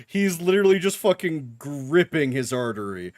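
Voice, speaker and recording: A man's voice: mid-range voice, very animated, a little slow, pauses often, no room sound, studio quality. A young man giving casual reaction commentary while watching anime, talking back to the screen with jokes and swearing.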